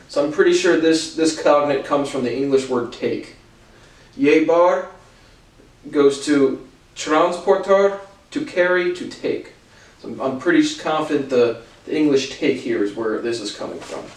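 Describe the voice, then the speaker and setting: A man's voice: a little high, a little mellow, roomy sound, recorded from a distance, low-quality recording. A man thinking aloud as he talks through dictionary entries in a casual language lesson.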